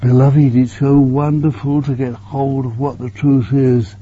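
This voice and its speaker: Slow earnest man preaching, low voice, muffled old tape. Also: flat delivery, husky. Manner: earnest, repeats words, sometimes drops to a hush. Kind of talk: sermon. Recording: dull lo-fi recording with faint hum.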